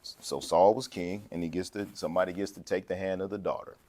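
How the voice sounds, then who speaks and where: A man preaching a sermon in a lively, conversational way, acting out quotes and laughing along the way. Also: low-pitched, fairly quick.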